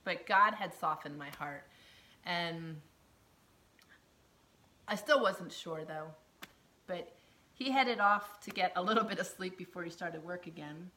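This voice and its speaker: A woman tells her personal story in an earnest, heartfelt way. Her voice is bright and forceful but sits a little low, and she often sinks into a hushed near-whisper. She laughs softly between phrases. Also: unhurried, long pauses, a little hiss or hum. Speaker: storyteller sharing her testimony.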